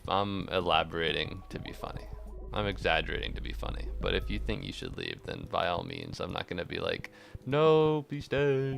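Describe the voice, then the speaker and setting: A man's voice: fairly low pitch, vocal fry. Swearing, sarcastic young-sounding man streaming. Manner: sarcastic, swears a lot, mock-angry rants then quiet deadpan asides. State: tired, stressed. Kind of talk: casual live-stream chat.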